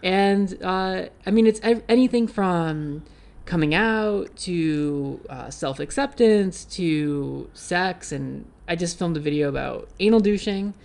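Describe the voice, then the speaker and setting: A man joins a podcast as a guest, laid-back and frank, with an easy, joking manner. He sits beside the host and shares one mic, so his voice comes through quieter and farther off. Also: high-pitched, slow pace, gravelly. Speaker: guest, YouTuber. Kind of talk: casual podcast interview. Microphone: shared desk mic, off to the side.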